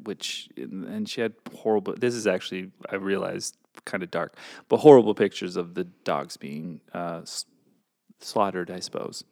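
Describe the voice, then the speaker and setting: A man's voice: low voice, normal speed, gravelly, darkish tone, dry recording, studio quality. A man co-hosting a podcast in casual chat, playful and jokey, telling wandering anecdotes with plenty of fillers. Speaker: podcast co-host.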